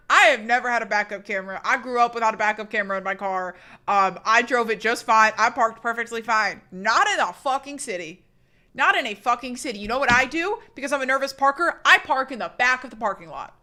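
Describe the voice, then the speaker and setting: A young woman streamer talks casually to her live chat, animated and profane as she rambles through stories. Her voice sits a little high and rings bright and forceful. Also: moderate pace. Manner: animated, swearing, rambling storytelling.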